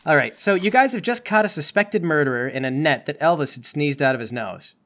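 A man's voice: a little high, expressive, brisk, a bit bright. A man running a tabletop game as game master, with dry, wry remarks. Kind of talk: tabletop game narration and banter.

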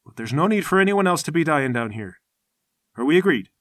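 A man voicing a gruff, reclusive hermit who lives down in an old mine, speaking low and grave. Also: big pitch swings, brisk, dry recording, studio quality. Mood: grim, firm.

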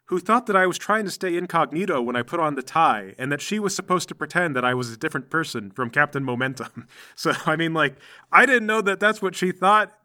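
Man doing a laid-back superhero boss, chatty, reassuring, bright forceful tone. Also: on the high side, animated, fairly quick, voice pushed up. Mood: easygoing. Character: friendly down-to-earth male superhero boss.

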